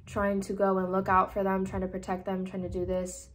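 A woman's voice: medium pitch, monotone, a little fast. A young woman in her twenties speaking earnestly in a personal vlog, sharing a hard story and sometimes close to tears. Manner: earnest, emotional, tearful at times. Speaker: vlogger. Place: indoors, seated.

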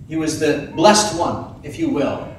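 A man preaching a sermon as pastor, animated, acting out the voices of biblical figures. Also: fairly high pitch, a little slow, slight background noise. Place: church sanctuary. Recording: echoey church from a distant mic.

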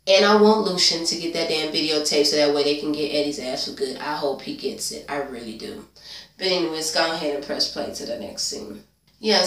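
Low-voiced woman in an echoey room. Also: a bit bright. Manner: blunt, profane, talks back to characters. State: sleepy. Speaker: TV episode reviewer, channel host. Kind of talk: casual recap vlog. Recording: echoey room, distant from mic.

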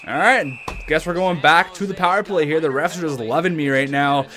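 A young man runs loud, profane commentary over a hockey video game. His voice sits a bit high, and he hypes his own plays while trash-talking the other side. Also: brisk. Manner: hyped, swearing, trash-talking, laughing bursts. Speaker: gaming YouTuber.

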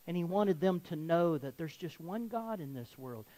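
High-voiced Southern pastor preaching. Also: male voice, animated, normal speed, warm tone, poor audio. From Southern United States. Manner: conversational, joking asides to the congregation. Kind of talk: sermon. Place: church sanctuary.

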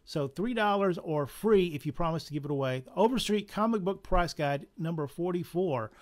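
A man's voice: sits high, expressive, normal speed. A man with a Southern accent running a live comic shop sale, chatty and joking as he prices items. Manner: chatty, chuckling, jokey asides. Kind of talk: casual live sale patter.

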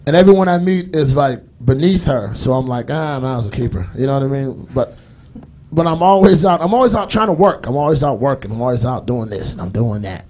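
A man's voice: medium pitch, animated, a little fast, dark tone. A young man with a Boston accent doing a rambling stand-up comedy set on a live stage, full of fillers and put-on voices. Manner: rambling, lots of fillers, puts on voices for bits.

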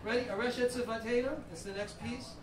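High-voiced man leading a service. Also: fairly even intonation, fast, a crowd in the background. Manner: chatty, joking, conducting the room. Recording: echoey hall, far from the mic, noisy.

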